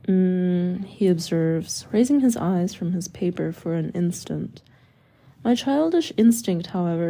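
Woman with a very dark, mellow voice. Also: medium pitch, husky. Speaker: narrator reading a memoir. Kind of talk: audiobook narration.

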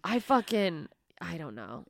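A woman's voice: on the low side, big pitch swings, a little slow, creaky, dry recording. A woman comedian guesting on a studio podcast, chatting casually with lots of profanity and self-mocking asides.

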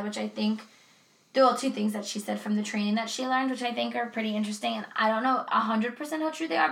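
A woman's voice: on the high side, creaky, fairly bright tone, roomy sound. A woman hosting a podcast in casual, effusive chat, laughing easily. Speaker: podcast host.

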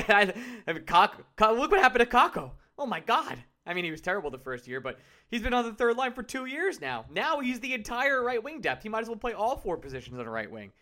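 Bright, high-voiced ranting man. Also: a little fast. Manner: animated ranting, emphatic repetition. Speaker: podcast co-host. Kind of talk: casual sports chat.

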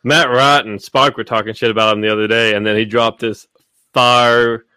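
A man's voice: mid-range voice, steady tone, normal speed, sharp tone, clean tone, no room sound, studio quality. Rambling, cursing male podcast host. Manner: rambling, profane, full of fillers. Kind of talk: casual podcast chat.

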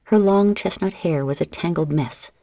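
Low-voiced woman narrating a story. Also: normal speed, no room sound, studio quality. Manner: expressive storytelling. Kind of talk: scripted audiobook narration.

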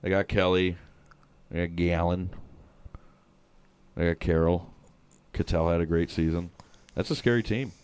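A man's voice: low-pitched, fairly even intonation, unhurried, long pauses, a little mellow, smooth, dry recording. A man co-hosting a podcast, chatting casually about baseball in a crude, joking way. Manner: crude, joking banter, swearing. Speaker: podcast co-host. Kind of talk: casual sports chat.

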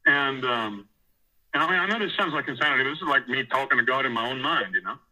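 A man's voice: medium pitch, lively intonation, fast, bright, forceful tone, poor audio. A man in prison telling a rambling, profane story about taking over church services, often acting out what others said. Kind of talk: casual storytelling interview.

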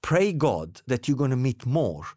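A man hosts a casual chat with a lively, swooping pitch, recorded close and dry. He talks emphatically, pushing his points home with quick rhetorical questions. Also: no echo. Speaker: podcast host.

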